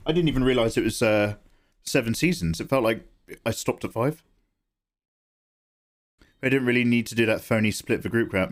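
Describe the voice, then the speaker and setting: A young man chatting casually on a drawing livestream, wandering from topic to topic and laughing often as he tells stories. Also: medium pitch. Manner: rambling anecdotes, laughs often. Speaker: livestream artist. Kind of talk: casual chat while drawing on stream.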